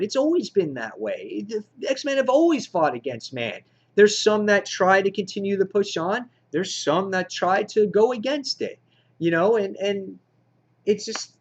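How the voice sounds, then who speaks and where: A man's voice: sits high, muffled recording. A man reviewing comic books in a casual, rambling way with many fillers, sounding frustrated.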